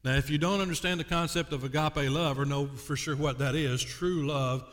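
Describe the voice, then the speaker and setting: A male pastor preaching a sermon, reading scripture aloud and dwelling on key words with slow emphasis. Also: on the high side, steady tone, a bit bright. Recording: long hall reverb.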